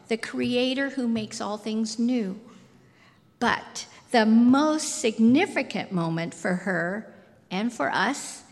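A woman preaching a sermon in a slow, deliberate, softly intimate way. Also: fairly high pitch. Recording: reverberant hall.

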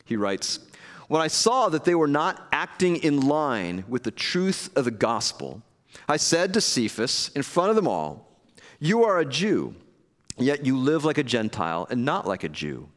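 A man's voice: mid-range voice, big pitch swings, a little slow. A man preaching a sermon in a casual, conversational way, acting out scenes with playful asides. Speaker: pastor. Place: church hall with live audience. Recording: long hall reverb.

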